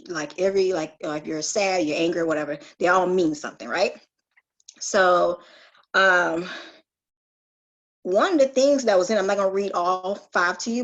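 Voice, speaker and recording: On a group call, a woman with a lowish voice shares an earnest, heartfelt personal testimony. She laughs easily and often restarts her sentences.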